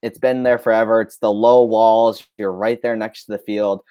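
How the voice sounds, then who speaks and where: A man's voice: fairly low pitch, level tone, moderate pace, dark tone, smooth, dry recording. A man chatting easily about baseball stadiums, sharing his thoughts as a co-host. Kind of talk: casual chat.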